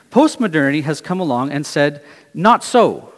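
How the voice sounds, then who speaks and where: A middle-aged man preaching a sermon, earnest and questioning, often dropping to quiet phrases. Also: on the high side, sing-song, normal speed. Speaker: pastor. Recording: long hall reverb.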